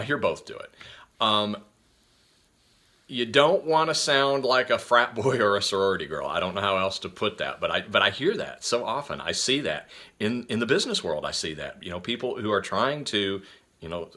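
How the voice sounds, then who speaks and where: Energetic man with a deep, bright voice. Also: normal speed. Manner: energetic, rambling, many fillers and restarts. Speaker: host. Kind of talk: casual instructional talk.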